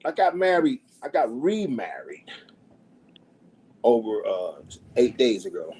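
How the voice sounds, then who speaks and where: A middle-aged man, a podcast guest, telling stories in a loud, profane, animated way and acting out the people he quotes. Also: medium pitch, a little slow, rough recording. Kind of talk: casual storytelling.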